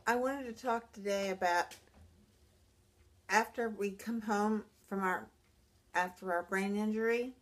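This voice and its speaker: Speaking in a mid-range voice with fairly even intonation, a middle-aged woman reflects earnestly in a vlog on recovering from a brain injury. She pauses and stumbles, repeatedly beginning her sentences again.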